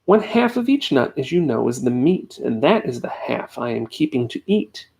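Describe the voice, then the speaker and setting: A man's voice: medium pitch, very animated, moderate pace, creaky, darkish tone. A man voicing a bossy, scheming little bug in a storybook reading. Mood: smug. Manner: bossy, taunting.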